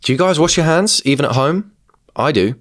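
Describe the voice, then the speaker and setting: A man's voice: a little high, a little fast. A British man hosting a reaction video, giving joking, cheeky commentary. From United Kingdom. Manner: joking, animated, cheeky asides. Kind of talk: casual comedic reaction commentary.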